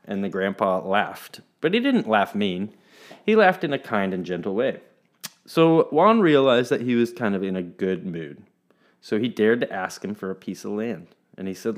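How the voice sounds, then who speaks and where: A man telling a folk tale in an expressive, playful storytelling manner. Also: lowish voice, a little slow.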